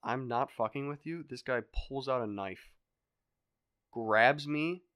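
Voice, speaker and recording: A young man telling a story in a casual podcast chat, animated and swearing, acting out other people's voices. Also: medium pitch, takes it slowly, smooth, no echo, clean studio sound. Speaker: podcast guest.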